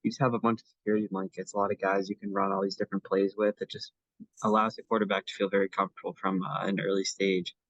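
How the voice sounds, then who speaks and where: A young man talks sports with a co-host in an easy, rambling way, full of ums and restarts. His voice sits a little low. The sound is dull and lo-fi, close and dry. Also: flat delivery, quick pace, a bit bright, no echo. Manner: chatty, many fillers and restarts. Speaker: podcast co-host. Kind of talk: casual sports chat.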